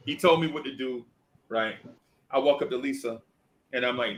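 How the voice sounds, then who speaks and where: Animated New storyteller, man. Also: medium pitch, moderate pace. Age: middle-aged. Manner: playful, acts out every character's voice. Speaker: podcast co-host. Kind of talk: animated storytelling with voiced characters.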